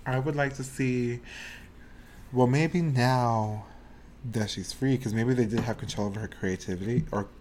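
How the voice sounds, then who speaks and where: A man chatting casually on a podcast, excitable, swearing often and laughing a lot. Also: medium pitch, moderate pace, slight background noise. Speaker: podcast co-host. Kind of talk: casual chat.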